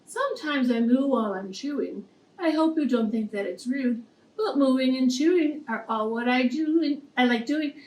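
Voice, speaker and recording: A woman's voice: sits high, normal speed, a little mellow, a little hiss or hum, lightly acted. A woman reading the lines of a contented cow that moos while chewing. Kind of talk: storybook reading. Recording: echoey room, distant mic.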